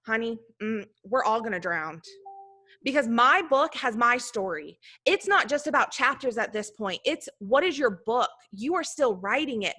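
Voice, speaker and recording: Giving her sales team a motivational talk, she chats away with loose tangents and a steady stream of "like." The voice is bright and forceful, pitched fairly high.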